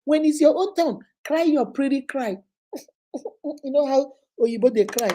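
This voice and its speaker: A woman's voice: high voice, a little slow, slight background noise. Emphatic middle-aged Nigerian woman host. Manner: emphatic, animated, mixes in Pidgin. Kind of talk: casual talk-show monologue.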